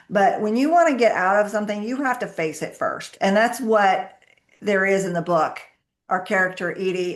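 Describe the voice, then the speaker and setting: A middle-aged woman, a guest on a business podcast, answering questions with candid personal stories and acting out what people said. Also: fairly low pitch. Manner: candid storytelling, acts out her own quoted dialogue. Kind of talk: conversational interview answers.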